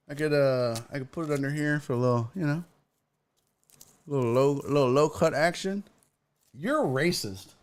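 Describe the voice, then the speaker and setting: A man's voice: fairly high pitch, normal speed. A man hosting a casual sports livestream, joking with his chat, his voice swinging around as he laughs often. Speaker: sports podcast host. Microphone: desk microphone.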